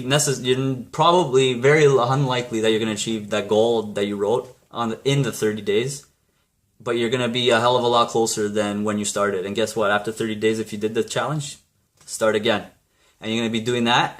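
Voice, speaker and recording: A man's voice: medium pitch, a bit bright. A man talking casually to camera, giving blunt, rambling motivational advice full of restarts and mild swearing. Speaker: vlogger.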